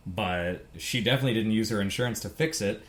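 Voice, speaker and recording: A man's voice: on the low side, quick pace, fairly bright tone. A man co-hosting a casual podcast, ranting heatedly and swearing freely. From Canada. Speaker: podcast co-host.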